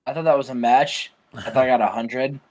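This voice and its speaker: A man co-hosting a casual gaming chat, jumping in with short, loud, playful reactions. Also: mid-range voice, steady tone, brisk. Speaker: co-host.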